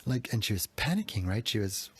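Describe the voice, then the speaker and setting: A man telling a personal story on a podcast, rambling and self-critical, with casual swearing. His voice sits low, gravelly and a little husky throughout. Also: moderate pace, no room sound.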